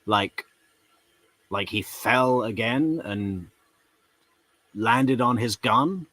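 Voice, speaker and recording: A man's voice: medium pitch, drawn-out words, a bit bright, dry recording. A man commenting on a trial in a casual, sarcastic storytelling way, full of rhetorical questions. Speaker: true crime commentator.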